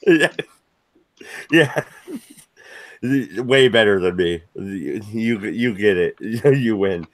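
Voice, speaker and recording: A man's voice: lowish voice, lively intonation, very slow, pauses often, dry recording. A man co-hosting a live stream, chatting casually in profane, joking banter. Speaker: stream co-host. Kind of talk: casual chat.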